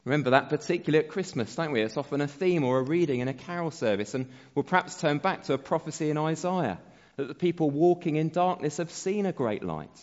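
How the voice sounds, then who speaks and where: A man preaching a sermon as pastor, slow and measured, letting his phrase endings fall soft. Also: on the high side, lively intonation. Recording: dull sound with long hall reverb.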